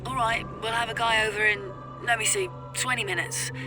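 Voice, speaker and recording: A husky, flat-voiced workman answers the line, dry and matter-of-fact, as a woman storyteller puts him on. He talks in an even, deadpan way over a faint bed of music. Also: medium pitch, unhurried, lightly acted. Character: gruff plumber man, husky deadpan.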